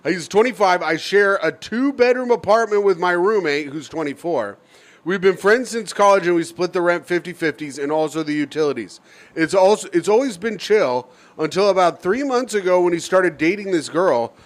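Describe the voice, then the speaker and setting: A man with a notably high voice, trading jokes as a podcast co-host. His delivery is teasing and casual, close on a studio mic. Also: expressive, moderate pace. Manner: playful, teasing, reads a listener letter aloud. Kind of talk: casual comedic podcast banter.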